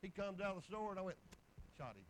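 A man's voice: sits high, very animated, quick pace, a little hiss or hum, rough recording. A man, preaching in a folksy storytelling way with bursts of exclamation. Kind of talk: sermon testimony.

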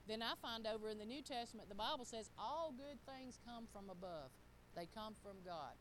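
A woman's voice: fairly high pitch, lively intonation, normal speed, fairly bright tone, slight background noise, low-quality recording. A middle-aged woman preaching a sermon, talking straight to the congregation in a folksy way.

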